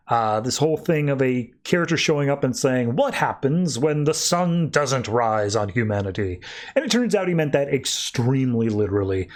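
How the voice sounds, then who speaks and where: A man hosting a podcast, retelling a comic's plot in a chatty way, with offhand "he's like" quotes. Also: medium pitch. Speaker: podcast host. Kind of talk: casual comic book review.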